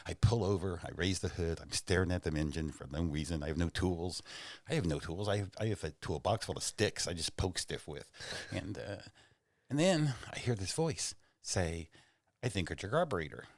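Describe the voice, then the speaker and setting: A man's voice: low voice, lively intonation, normal speed, vocal fry, no echo. A man from Oklahoma, a comedian guest on a podcast, telling rambling self-mocking stories and jokes in a studio. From Oklahoma, USA. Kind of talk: casual storytelling and joke-telling.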